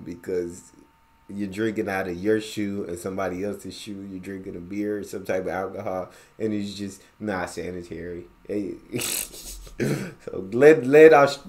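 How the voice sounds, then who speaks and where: An American man hosts a reaction video in an animated, slang-heavy way, talking back at what he watches. His voice sits somewhat low. He keeps the tone loose and chatty. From United States. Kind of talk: casual reaction commentary.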